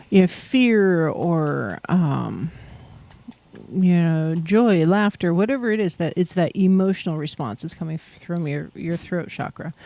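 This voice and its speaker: A woman with a low, mellow voice chats loosely on a livestream, filling her talk with ums and easy laughter. The sound is close and dry, with no room echo. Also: gravelly. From Pacific Northwest, USA. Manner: rambling, many fillers, laughs easily. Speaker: host. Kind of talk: casual livestream chat about chakras.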